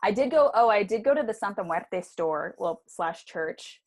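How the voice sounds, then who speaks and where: A woman co-hosting a podcast, telling stories in animated casual chat with fillers. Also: medium pitch, moderate pace. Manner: animated storytelling with fillers and laughs. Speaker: podcast co-host.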